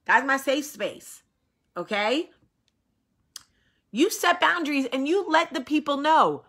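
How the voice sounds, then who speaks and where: A woman's voice: sits high, lively intonation, slow pace, a bit bright. A woman host in her thirties, coming down with a cold, talking bluntly and acting out quoted voices in casual chat.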